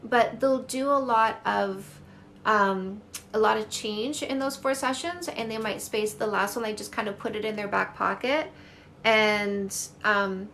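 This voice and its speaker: Livestreaming on her phone, a Canadian dating coach in middle age gushes effusively at viewer comments in quick, casual chatter. Her voice is mid-range and fairly bright, with a little background noise.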